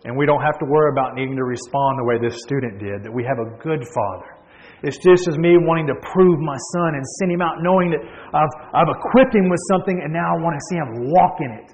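A man's voice: a little high, fast. A man preaching a sermon in a storytelling manner, with emphatic repeats and restarts. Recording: long hall reverb.

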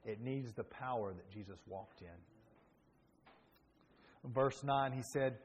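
A man's voice: medium pitch, measured pace, pauses often, breathy edge. A male pastor preaching a sermon with earnest, emphatic delivery that rises in bursts.

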